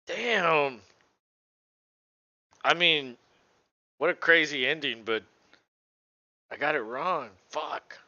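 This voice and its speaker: A man co-hosting a casual live football reaction show, excitable and quick to swear and laugh. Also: fairly high pitch, no echo, muffled recording. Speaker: co-host.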